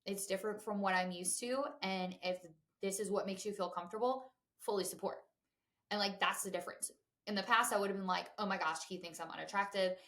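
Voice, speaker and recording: A woman's voice: mid-range voice, steady tone, brisk, fairly bright tone. Young woman podcast host, lilt, candid and chatty, mid-range voice. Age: 20s. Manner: chatty and candid, lots of fillers and asides to listeners. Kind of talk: casual chat.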